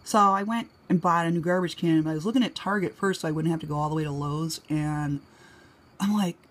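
Chatty husky-voiced woman from New England. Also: a little fast. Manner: chatty, laughs often, acts out quoted lines in a higher voice. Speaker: vlogger. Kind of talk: casual rambling storytelling. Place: home.

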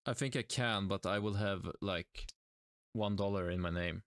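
At normal speed and in a fairly low voice, a young man from Sweden comments on his live game stream with a Swedish accent, sounding exasperated and mocking himself as he addresses his chat. The sound is clean studio audio with no room sound.

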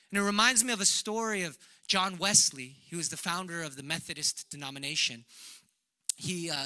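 A young man preaches in a relaxed, conversational way, acting out little exchanges of dialogue and dropping to a near whisper for the tender lines. His voice sits fairly high and sounds very bright and clear. The recording is dry and close. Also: no echo. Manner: conversational, acts out quoted dialogue, drops to a hush for tender lines. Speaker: pastor. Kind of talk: sermon.

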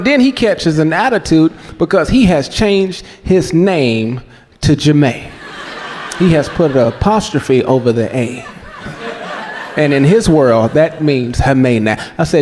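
A man performing a stand-up comedy set, telling profane, animated stories on a club stage before a live audience. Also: a little high, unhurried, pauses often. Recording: live club recording with echo, audience laughter and noise.

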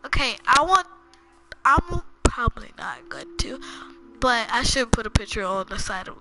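A woman's voice: mid-range voice, normal speed, background noise. A woman chatting through her own gameplay for her channel, talking to viewers, headphones on. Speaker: gaming channel host. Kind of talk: casual gameplay commentary. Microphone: headphones with a mic. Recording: game music playing behind.

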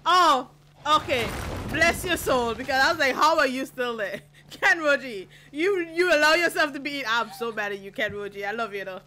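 A young woman reacting to anime, loud and exclamatory and laughing often. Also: high-pitched, animated, a little fast, hardly any pauses, slight background noise.

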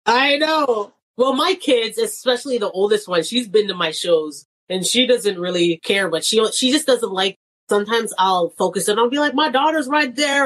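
A woman's voice: a little high, expressive, moderate pace, fairly bright tone. A woman in her thirties, a comedian and nurse, chatting casually as a guest, laughing often and acting out quoted voices. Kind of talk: casual chat.

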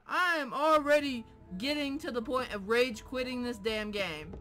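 A woman's voice: on the high side, animated, moderate pace. Cursing, jumpy woman gaming. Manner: jumpy, cursing, shouts and laughs at jumpscares; taunts the game character mockingly. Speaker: gameplay streamer. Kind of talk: let's play commentary. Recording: faint game music behind.

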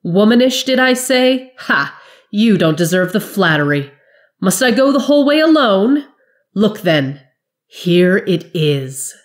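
A raging sword-woman from a fantasy tale, hurling scornful insults in a high, strained shout. Her voice climbs well above a plain talking pitch and pushes hard. A woman acts her out in a read story. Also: sing-song, measured pace. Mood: scornful fury. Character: fierce woman warrior, furious and scornful.

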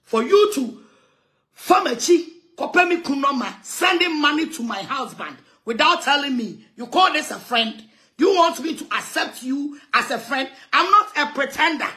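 A woman's voice: high-pitched, animated, moderate pace, bright, forceful tone. A Ghanaian woman evangelist making an emphatic, aggrieved complaint, repeating her points. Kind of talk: impassioned complaint.

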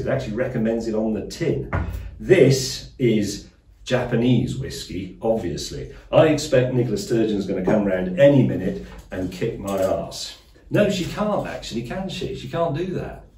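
A middle-aged man hosts a cooking show alone in a small underground kitchen, his dry asides landing in a low, mellow voice. He is picked up by phone and tablet cameras set across the room, so he sounds far off and the space rings around him. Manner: deadpan, self-mocking asides, slow deliberate pauses. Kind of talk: dry, wry solo cooking chat. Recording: echoey room, mic at a distance.

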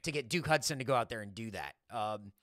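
A young man recapping a wrestling management game in casual chat with friends, in an animated, jokey way. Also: on the low side, fast, no room sound, studio quality.

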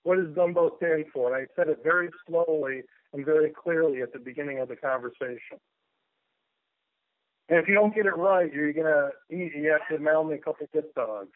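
A man on a phone-quality line chats as a radio guest, rambling and cracking jokes as he spins stories. His voice sits a little high for a man and comes through thin and boxy, as if over a telephone. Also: brisk, dry recording. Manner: rambling, joking, storytelling. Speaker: guest artist. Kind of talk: casual radio chat.

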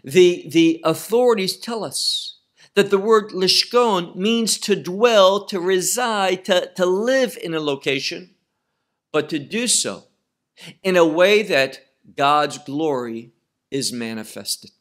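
A man teaching a Bible study lecture, speaking deliberately and repeating phrases for emphasis. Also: sits high, animated, fairly bright tone.

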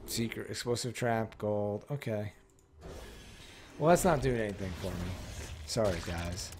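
A man's voice: fairly low pitch, a little slow, a little mellow, slight background noise. A man giving casual, rambling commentary while opening card packs, often correcting himself and swearing freely. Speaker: card game pack-opening streamer.

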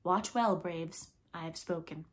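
Lady reading a lordly bossy boy chief in a storybook, grand and pompous, bit high. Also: steady tone, a little slow, natural voice. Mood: condescending. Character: boastful boy leader, lordly and condescending.

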